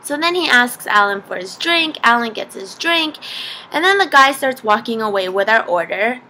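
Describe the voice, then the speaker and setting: Young woman vlogger telling a story, lots of "like" and laughing, kinda high voice. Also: moderate pace, a little hiss or hum. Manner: animated, laughs often, says "like" a lot. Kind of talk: casual storytelling.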